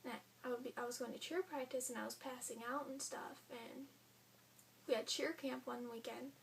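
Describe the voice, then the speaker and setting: A woman's voice: high voice, fairly even intonation, normal speed, creaky. A young woman telling her own story in a chatty way, full of "like" and quoted dialogue. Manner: chatty, frequent "like", quoting others in her own voice. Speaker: vlogger. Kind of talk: casual storytelling. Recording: faint hum, a bit far from the mic.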